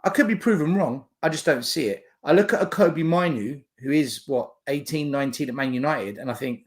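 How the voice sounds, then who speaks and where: A man's voice: fairly high pitch, brisk, hardly any pauses. A man talking as a guest pundit in a casual football debate, stammering as he starts his points.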